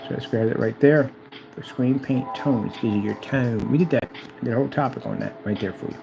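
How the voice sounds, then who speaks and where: A man talking casually and repetitively, hyping himself up while reading instructions aloud haltingly. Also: medium pitch, creaky, rough recording. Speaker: DIY projector screen vlogger. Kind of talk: casual self-recorded commentary.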